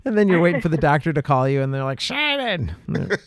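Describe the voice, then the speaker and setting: A man hosting a podcast, chatting in a relaxed, friendly way with fillers. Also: on the high side, very fast, clean tone, dry recording. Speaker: podcast host. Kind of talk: casual interview chat.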